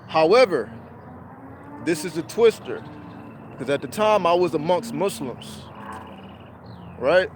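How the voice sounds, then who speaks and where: A man's voice: a little high, a little slow, long pauses, slight background noise. Profane streetwise man on a livestream. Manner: profane, streetwise slang, animated storytelling. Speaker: livestream host. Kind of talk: casual spiritual talk.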